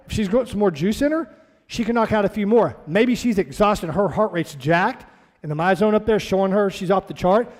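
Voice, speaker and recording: A fitness trainer, a man with a high voice, runs an orientation for a class in his studio. He talks straight to the group in a blunt, motivational way. His words carry a long echo, as though spoken in a large hall. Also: a little mellow.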